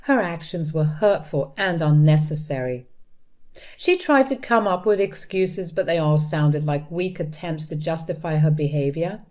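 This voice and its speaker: A woman's voice: sits low, a little slow, a little mellow. A woman narrating a first-person story in a bitter, blunt manner.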